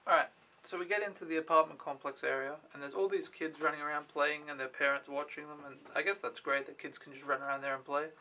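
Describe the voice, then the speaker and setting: Bright-voiced young man vlogging casually. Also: on the high side, steady tone, fast talker. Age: young adult. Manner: rambling, offhand, swears freely. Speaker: au pair vlogger. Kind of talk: casual vlog storytelling.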